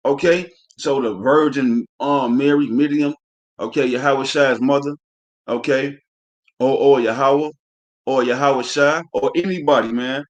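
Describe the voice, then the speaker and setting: A man's voice: medium pitch, steady tone, normal speed. Guy preaching scripture on a live stream, heated and cussing, keeps saying man. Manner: heated, profane, preachy, leans on "man" at phrase ends. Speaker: religious teacher.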